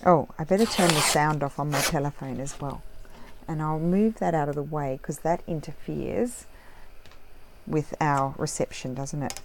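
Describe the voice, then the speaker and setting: A woman's voice: low voice, normal speed, vocal fry, slight background noise. A woman vlogger talking casually through a crafting tutorial at home, rambling and often correcting herself mid-sentence. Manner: rambling, with many self-corrections and trailing asides.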